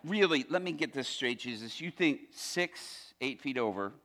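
A man's voice: medium pitch, lively intonation, moderate pace, fairly bright tone, voice pushed down. A man voicing a skeptical, exasperated fisherman who talks back sarcastically. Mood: sarcastic. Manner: sarcastic, incredulous.

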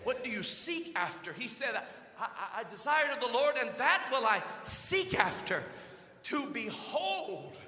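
A man preaching an impassioned sermon as pastor of a church, building from quiet reflection up to shouted exhortation. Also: very high voice, roomy sound, long reverb tail.

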